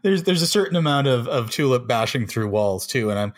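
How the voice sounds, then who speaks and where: A man's voice: mid-range voice, lively intonation, fairly quick. A man co-hosting a film podcast, making dry, sarcastic asides in casual chat. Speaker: podcast co-host.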